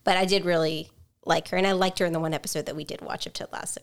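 A woman's voice: lowish voice, steady tone, very fast, clean tone. A woman co-hosting a casual podcast chat, talking in a hesitant, meandering way with many fillers. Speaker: podcast co-host.

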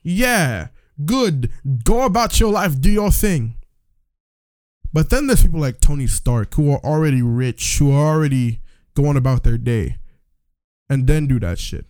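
A man's voice: a little high, animated, unhurried, a little mellow, no echo, studio quality. A man co-hosting a podcast, ranting in casual chat, profane and incredulous. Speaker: podcast co-host.

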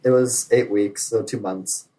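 A man's voice: lowish voice, fairly even intonation, unhurried, dark tone, low-quality recording. A young man, a navy sailor, telling stories in casual chat with many filler likes and frequent laughs.

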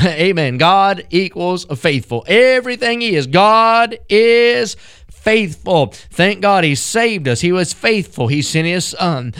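A man's voice: a little high, fairly bright tone, clear, resonant tone. A man preaching a radio sermon as an assistant pastor, driving his point home with emphatic repetition that swells into fervent peaks.

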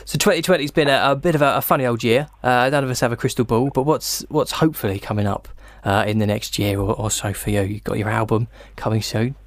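A man hosting an interview, asking halting questions and laughing along with his guest. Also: mid-range voice, no echo. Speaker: interviewer, host. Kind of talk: casual interview chat.

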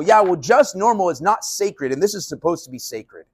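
Brief: conversational male pastor, fairly high voice, animated sermon. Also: brisk, slightly rough, dry recording.

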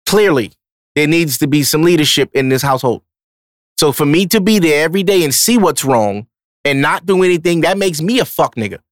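A man's voice: a little high, expressive, brisk, dry recording, studio quality. Blunt, profane man talking on a podcast. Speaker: podcast host. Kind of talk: casual monologue.

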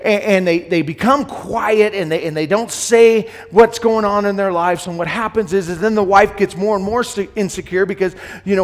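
A middle-aged man preaching a sermon to men, earnest and plain-spoken, often repeating words as he goes, sometimes loud and sometimes hushed. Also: sits high, fairly even intonation, moderate pace, few pauses, in a large hall. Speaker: pastor.

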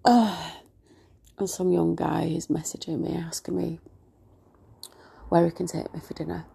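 A woman's voice: lowish voice, flat delivery, unhurried, gravelly, dark tone, breathy edge. A woman rambling through a casual podcast monologue while unwell, often sinking into a whisper. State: unwell with a virus.

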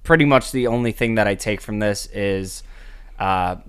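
A man co-hosting a casual sports podcast, talking in a measured, easygoing way. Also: fairly low pitch, a bit bright, clean tone. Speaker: podcast co-host.

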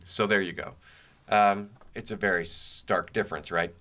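A man's voice: deep voice, steady tone, moderate pace, bright, forceful tone. A middle-aged man hosting a podcast, talking through his memories in a reflective, conversational way with wry asides. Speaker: podcast host. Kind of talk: casual monologue.

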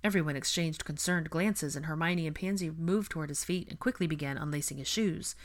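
Low-voiced woman reading a story. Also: brisk. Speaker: audiobook reader. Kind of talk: fan fiction audiobook narration.

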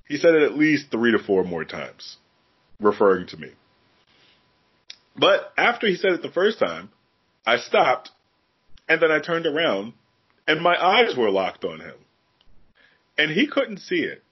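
Here the co-host's mid-range voice comes through slightly rough on lo-fi sound. He's a man on a podcast, casually chatting and telling animated, profane, candid stories.

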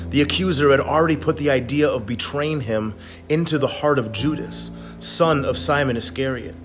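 A man leading a guided contemplative prayer as a pastor, speaking slowly and gently. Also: medium pitch. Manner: slow, gentle and soft-spoken. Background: guitar music.

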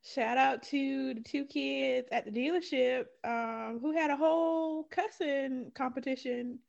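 A woman's voice: high voice, fairly even intonation, unhurried, vocal fry, darkish tone, dull audio. A woman co-hosting a podcast, telling a profane story in casual chat and laughing often. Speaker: podcast co-host.

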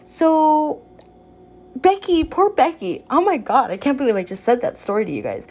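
A young woman casually recapping a romance novel for viewers, candid and animated, swearing freely, her pitch leaping up when she reacts. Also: moderate pace, breathy edge. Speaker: book reviewer. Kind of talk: casual book recap chat.

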